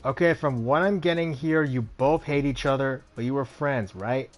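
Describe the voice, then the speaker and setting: A man's voice: medium pitch, normal speed, hardly any pauses, faint music behind. A young man hosting a let's play, reading game text aloud and reacting with casual asides.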